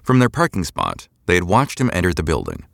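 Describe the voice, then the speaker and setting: Male audiobook narrator, deep and animated, measured storytelling, close mic. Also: gravelly, dry recording.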